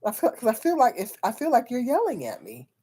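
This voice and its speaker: A woman's voice: on the high side, wildly swooping pitch, fast talker, mellow, breathy edge. A woman hosting a casual livestream who rambles, repeats her words and breaks into laughter often while talking frankly to her viewers. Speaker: livestream host.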